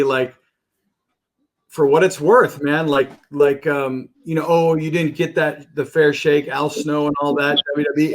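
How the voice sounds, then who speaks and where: A man hosting a casual podcast interview, eager and often restarting his sentences. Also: on the high side.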